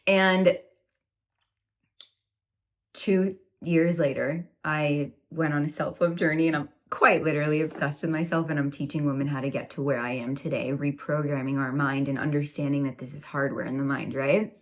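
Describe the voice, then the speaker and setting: Blunt low-voiced woman in her twenties. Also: steady tone, normal speed. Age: 20s. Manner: blunt, preachy, fillers like "like" and "you know". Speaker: self-love coach. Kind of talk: direct-to-camera motivational monologue.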